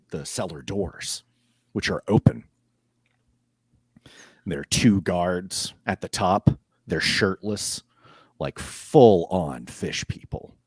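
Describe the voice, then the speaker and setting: Deep-voiced, slow male game master. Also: no room sound, studio quality. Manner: unhurried descriptive narration with fillers. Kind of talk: narrating a tabletop game.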